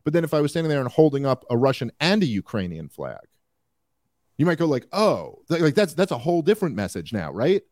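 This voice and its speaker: A man hosting a podcast, talking through political commentary in a rambling, animated way with many fillers. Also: fairly high pitch, fast talker, no echo, clean studio sound. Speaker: podcast host.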